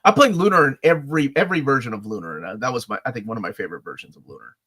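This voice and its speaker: A man's voice: mid-range voice, racing, pushed and bright, husky. A man co-hosting a live comics Q&A, talking in a laid-back way and often saying "man" and "dude". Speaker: comics channel co-host. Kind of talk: casual live Q&A chat.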